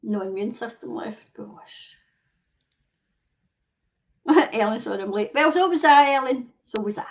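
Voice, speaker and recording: A woman's voice: a little high, expressive, measured pace, creaky, pauses often. A woman hosting a live stream, ranting bluntly and swearing heavily while reading viewer comments. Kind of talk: casual ranting chat. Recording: dull lo-fi stream audio.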